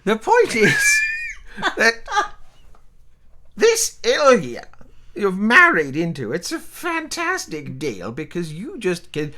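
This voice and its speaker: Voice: medium pitch, huge pitch swings, slow pace, long pauses, pushed and bright, exaggerated voice. A player voicing a long-winded, doting elderly great-aunt who tells meandering family stories. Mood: rambling fond. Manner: rambling, meandering storytelling.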